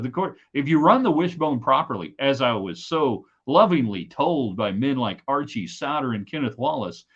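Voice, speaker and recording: A middle-aged man hosting a casual live-stream chat from his home office, talking in an animated, emphatic and rambling way. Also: mid-range voice, husky, dull audio. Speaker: host.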